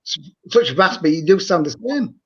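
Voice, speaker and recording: A man chatting casually, halting and repeating his words. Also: sits high, big pitch swings, breathy edge, highs cut off. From Bradford, England. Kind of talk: casual chat.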